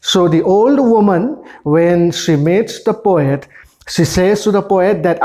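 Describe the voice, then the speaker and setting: Unhurried teacher, patient and repetitive, mid-pitched. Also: animated, a little mellow. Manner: slow, repetitive explaining with restarts. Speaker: English teacher. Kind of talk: classroom poem explanation.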